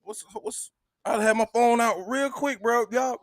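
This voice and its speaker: A man's voice: very high voice, fairly even intonation, normal speed, no room sound, clean studio sound. A man hosting a casual podcast, talking animatedly and repeating words as he builds his point. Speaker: podcast host.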